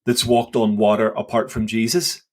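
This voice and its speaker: A man co-hosting a podcast, explaining a Bible passage in an animated, emphatic way, often voicing the people in the story. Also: lowish voice, moderate pace. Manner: animated, emphatic, acts out quoted lines. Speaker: podcast co-host. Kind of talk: casual theological discussion.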